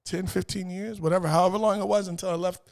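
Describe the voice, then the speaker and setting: A middle-aged man, telling stories as an interview guest in an animated way, repeating phrases and acting out voices. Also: sits high, fast talker, creaky. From New York. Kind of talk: casual storytelling chat.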